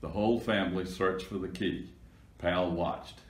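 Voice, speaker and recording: A man reading a children's storybook aloud with steady, plain narration. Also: deep voice, unhurried. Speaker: reader. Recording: echoey room.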